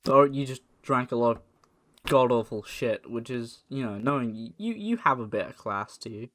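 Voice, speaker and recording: A man's voice: mid-range voice, lively intonation, normal speed, fairly bright tone, no room sound. A man co-hosting a podcast in casual chat, teasing and self-deprecating, often restarting his words. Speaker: podcast co-host.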